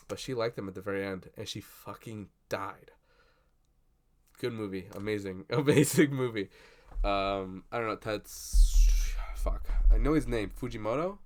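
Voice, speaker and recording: A young man chatting casually at his desk about a film he just saw, rambling and swearing with lots of fillers and excited bursts. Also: lowish voice. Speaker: vlogger. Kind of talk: casual movie reaction chat. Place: at a desk indoors. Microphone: computer webcam.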